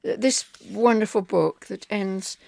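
A woman's voice: medium pitch, measured pace, gravelly, a little mellow, dry recording, studio quality. An older woman from England, a novelist being interviewed, telling rambling anecdotes with fillers. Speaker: novelist guest. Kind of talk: conversational interview.

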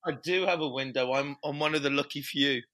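A British man, a comedian, answering casually from home in a remote interview, relaxed and self-mocking. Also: on the high side, fairly quick. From Britain. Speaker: guest comedian. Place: home in Berlin.

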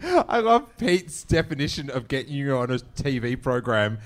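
Wry podcast host. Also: male voice, medium pitch, sing-song, normal speed. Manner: dry, teasing quips. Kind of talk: casual podcast chat.

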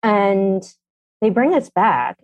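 A middle-aged woman, a mother and parenting columnist, telling a family story candidly with animated, blunt speech and casual swearing. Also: medium pitch, takes it slowly, no room sound. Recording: dull, dry sound.

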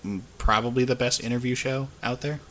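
A man's voice: mid-range voice, fairly even intonation, fairly quick, fairly bright tone. A young man co-hosting a podcast in casual chat, blunt and casually profane, with hesitant restarts. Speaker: podcast co-host.

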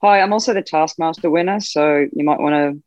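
A woman's voice: low voice, a little fast, darkish tone, no echo. Woman, Australian accent, wry comedic chat, muffled line, dry sound. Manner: wry, laughs at her own bleak points. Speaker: guest comedian. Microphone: remote line from home. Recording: dull dry call line.

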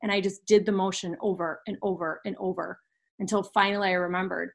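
A woman's voice: mid-range voice, fairly even intonation, brisk, creaky. Young woman, podcast guest, candid, earnest storytelling. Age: 20s. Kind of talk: personal story in a podcast interview.

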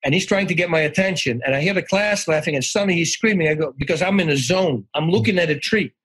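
Husky-voiced man. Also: on the high side, quick pace, poor audio. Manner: animated, acts out quoted voices, restarts often. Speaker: interview guest. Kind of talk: conversational storytelling.

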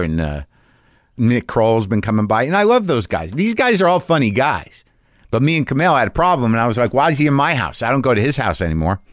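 A man's voice: on the low side, no echo, clean studio sound. A middle-aged man delivering a rambling, profane, self-deprecating monologue as a podcast host. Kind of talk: casual monologue.

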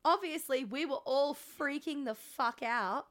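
A woman's voice: high-pitched, measured pace, fairly bright tone. Rambling, swearing woman podcast co-host. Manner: rambling, frequent ums, swearing, self-mocking. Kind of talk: casual storytelling chat.

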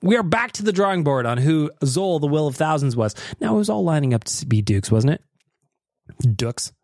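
A man's voice: a little high, big pitch swings, brisk, a little mellow, dry recording, studio quality. A man from North America hosting a podcast, joking and theatrical. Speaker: podcast host. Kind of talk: casual podcast chat.

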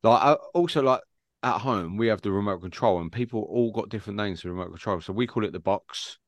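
A man's voice: lowish voice, fast talker, no room sound, clean studio sound. A man co-hosting a podcast, telling jokey stories in casual chat. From England. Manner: joking banter, storytelling with quoted voices. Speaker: podcast co-host.

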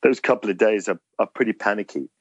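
A man's voice: fairly low pitch, fast, highs cut off, a little hiss or hum. A middle-aged man telling a rambling, self-deprecating story in an interview, laughing often. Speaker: interview guest. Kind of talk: casual anecdotal storytelling.

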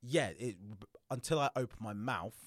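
A man's voice: mid-range voice, normal speed, no room sound, studio quality. A man in his thirties with an Essex accent, a guest comedian telling stories in casual podcast chat and acting out quotes. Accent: Essex English. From Essex, England. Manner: animated storytelling with acted quotes.

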